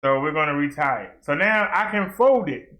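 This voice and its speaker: A man's voice: a little high, expressive, normal speed, pushed and bright. A man vlogging casually, chatting straight to his viewers and laughing often as he works. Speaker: fitness vlogger. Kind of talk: casual talk to viewers while working. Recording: echoey room.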